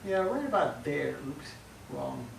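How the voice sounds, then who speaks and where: A man teaching calculus in a lively, playful way, acting out little scenes and correcting himself as he works. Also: fairly high pitch, measured pace, vocal fry. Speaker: math teacher. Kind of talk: calculus lecture at a board. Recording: roomy, distant mic, faint hum.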